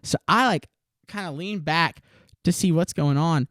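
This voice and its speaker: A man's voice: a little high, measured pace, dry recording, studio quality. A young man co-hosting a casual podcast, telling a story with lots of "dude" and "like". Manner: animated storyteller, says "dude" and "like" a lot. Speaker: podcast co-host.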